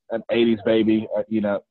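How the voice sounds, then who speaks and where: A man's voice: fairly low pitch, dry recording. A man in his forties with a Southern US accent, coaching a group call in a folksy, repetitive style. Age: 40s. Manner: folksy, repeats phrases, counts down, teases listeners. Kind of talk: animated motivational coaching. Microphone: video call. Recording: phone-like lo-fi call audio.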